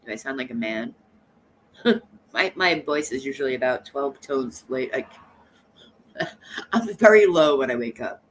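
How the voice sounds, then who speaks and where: Lively, sassy woman streamer. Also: extremely low pitch, measured pace, pauses often, slight background noise. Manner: sassy, teasing, laughs often. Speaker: livestream host. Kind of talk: casual live-stream chat.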